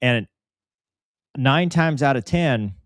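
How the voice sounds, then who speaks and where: A man's voice: mid-range voice, animated, takes it slowly, no room sound, studio quality. A man hosting a podcast, chatting casually and animatedly, often mimicking the voices of people he quotes. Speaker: podcast host.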